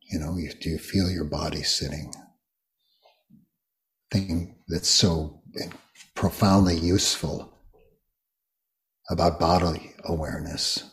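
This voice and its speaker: An older man guiding a meditation talk, speaking slowly and gently with many long pauses. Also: low voice. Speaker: meditation teacher. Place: retreat hall.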